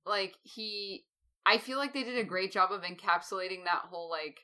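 A woman's voice: medium pitch, normal speed, bright, forceful tone. A woman co-hosting a podcast, chatting casually and giggling about a cartoon. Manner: giggly, chatty, many fillers. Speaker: podcast co-host. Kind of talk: casual chat reviewing a cartoon.

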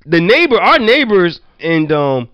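A man telling rambling childhood stories in a relaxed, profane chat, full of "like" and quick laughs. His voice sits a bit high for a man. The sound is dry and dull, with a slightly muffled, lo-fi edge. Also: clean tone, no room sound. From Virginia, US. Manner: loose, profane, laughing anecdotes with many "like" fillers. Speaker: storyteller. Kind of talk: casual storytelling chat.

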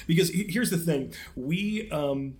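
A man's voice: on the high side, expressive, measured pace. Chatty young man co-hosting a podcast. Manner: rambling with fillers and restarts, laughs often. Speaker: podcast co-host. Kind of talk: casual chat.

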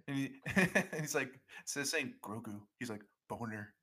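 A man's voice: medium pitch, animated, slow, sharp tone, husky. A man hosting a casual comedy podcast who talks loosely, swears and laughs readily. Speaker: podcast host.

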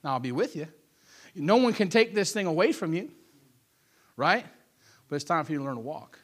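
A hushed, fatherly Jesus, put on by a male preacher, speaks low and steady. He sounds gentle but firm and unhurried, and the voice sits well below the preacher's usual bright tone. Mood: tender.

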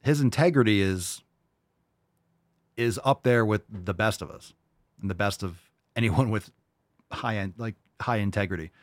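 A man's voice: fairly low pitch, moderate pace, long pauses, no echo. A male podcast host ranting in a casual, profane, emphatic way. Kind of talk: casual opinion rant.

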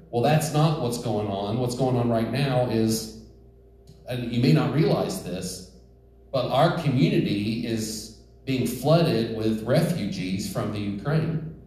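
Male preacher, mellow tone, heavy church echo, heard at a distance, emphatic sermon delivery with light humor. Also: medium pitch. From rural United States. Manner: earnest, emphatic, joking asides to the congregation. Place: church sanctuary. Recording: echoey church hall, distant mic.

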